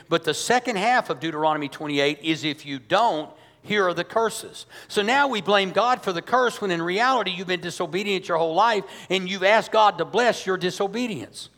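Male pastor, high voice, emphatic conversational sermon, long church-hall reverb. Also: a bit bright. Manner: emphatic, conversational preaching with rhetorical questions.

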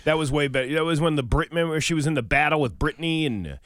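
A man's voice: on the high side, fast, fairly bright tone, no echo, clean studio sound. Playful man hosting a casual chat.

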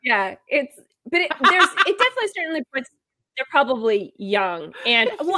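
A woman's voice: high voice, sing-song, moderate pace, sharp tone. A woman co-hosting a podcast in casual chat, reading out a listener letter and talking it over with lots of fillers. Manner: reads listener letters, chatty with many fillers. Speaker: podcast co-host.

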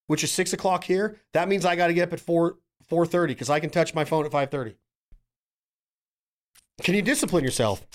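A brash man hosts a podcast in loose, joking banter. His voice sits a little high for a man, and he swears freely as he needles his co-host. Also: brisk. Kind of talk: casual banter.

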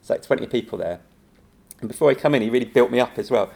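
Laughing improv teacher with gravelly voice. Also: male voice, medium pitch, quick pace. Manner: animated storytelling, laughing often, acting out quotes. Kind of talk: casual anecdotal chat.

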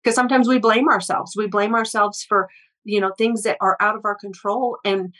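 A woman's voice: mid-range voice, steady tone, normal speed, a bit bright. A woman energy healer, a guest in a casual interview, telling stories in a rambling way with many restarts and repeated words.

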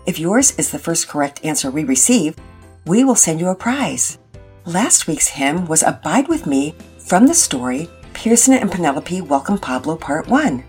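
A woman's voice: low voice, very animated, normal speed, darkish tone, faint music behind. A woman hosting and narrating a children's family story, reading it aloud. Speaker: storyteller and host.

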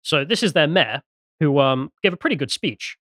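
A man co-hosting a political podcast, presenting a news item in a quick, sardonic way and reading out posts with asides. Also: a little high, expressive, a bit bright, dry recording, clean studio sound. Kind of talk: casual political podcast chat.

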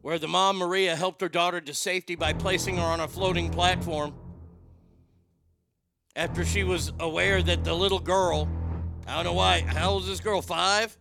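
A man in his fifties hosting a radio talk show, telling stories in a loud, joking, rambling way into a studio microphone. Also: sits high, steady tone, moderate pace, gravelly, music in the background. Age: 50s.

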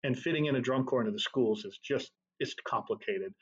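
Middle-aged man, husky voice, easygoing storyteller, dull lo-fi sound. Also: mid-range voice, a little fast. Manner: relaxed anecdotal, laughs at own stories. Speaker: drum corps tour director. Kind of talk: conversational interview storytelling.

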